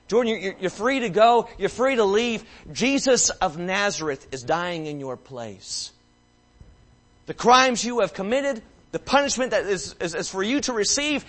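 A man preaching a sermon, telling stories dramatically and swinging between hushed passages and loud ones. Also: high voice. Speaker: pastor.

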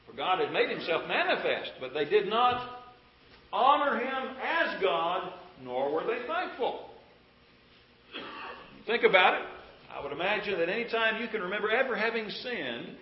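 A man preaches with a high, animated voice that rises and falls widely. He is earnest and pleading, pressing his listeners with questions. The recording is roomy and a little dull. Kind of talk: sermon.

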